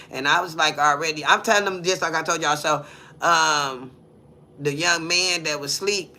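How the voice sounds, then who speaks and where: Middle-aged woman, animated storyteller, very bright, tense tone. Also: sits low. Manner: animated, cursing, keeps asking "you hear me?". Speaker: livestream host. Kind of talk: casual storytelling.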